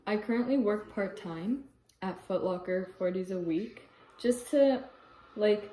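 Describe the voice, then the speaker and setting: A woman's voice: mid-range voice, moderate pace, warm tone, roomy sound, low-quality recording. A teenage girl giving a mock audition speech in a stop-start way, often breaking into giggles. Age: teens. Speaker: teen filming a prank on her parents.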